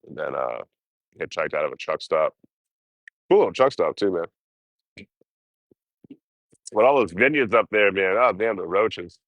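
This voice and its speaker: A man with a very low voice tells road stories on a livestream, swearing freely and talking with animated energy. The sound is dry and close, with hardly any room echo. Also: a little slow, pauses often. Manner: profane, animated storytelling. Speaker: hitchhiking livestreamer. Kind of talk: casual storytelling on a livestream.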